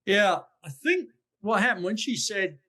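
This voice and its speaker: A man with an English accent comments as a podcast guest, dissecting a recorded recruiting call. His delivery is lively, and he slips into quoted lines to act them out. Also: high voice, unhurried. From England. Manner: animated, acts out quoted lines. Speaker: sales consultant guest.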